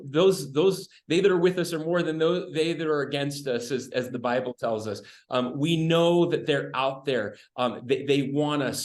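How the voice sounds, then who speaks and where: A middle-aged man, a state governor, speaking earnestly and hopefully in a conversation, often restarting his words. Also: fairly high pitch. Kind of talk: conversational remarks in a virtual event. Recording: roomy echo.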